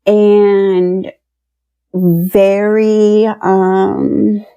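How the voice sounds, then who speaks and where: A woman's voice: mid-range voice, little pitch movement, extremely slow, mellow, clear, resonant tone. A woman in her thirties from Pennsylvania, telling her personal story as a podcast guest and acting out the dialogue as she retells it. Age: 30s.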